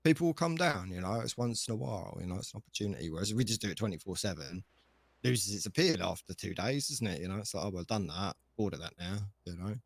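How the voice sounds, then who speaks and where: A man's voice: lowish voice, expressive, fast talker, creaky, no echo. A man playing a laid-back shop boss. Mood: easygoing. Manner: rambling, filler-heavy and easygoing. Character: laid-back male shop manager, chatty. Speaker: shop chief operating officer. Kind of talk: casual game role-play.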